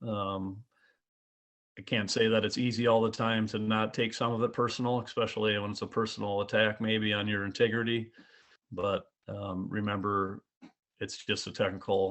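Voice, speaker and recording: Low, flat-voiced man explaining rules. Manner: steady, explanatory, uses fillers. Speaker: webinar host and referee trainer. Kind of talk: instructional talk on officiating.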